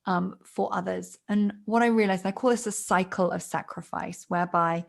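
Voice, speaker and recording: A woman's voice: lowish voice, steady tone, moderate pace, vocal fry. A middle-aged woman, a business coach, explaining her ideas in lists and examples as a podcast guest. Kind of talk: podcast interview.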